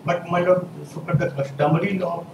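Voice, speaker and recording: A man's voice: high-pitched, fairly even intonation, fairly quick. A male advocate, arguing an appeal formally in a courtroom and repeatedly saying "my lord". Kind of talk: courtroom argument. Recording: echoey courtroom audio from far off with noise.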